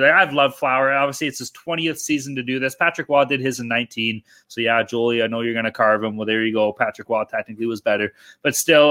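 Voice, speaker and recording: A man co-hosting a hockey betting podcast, talking casually and excitedly and swearing often. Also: medium pitch. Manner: excitable, swears a lot, says dude. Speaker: podcast co-host.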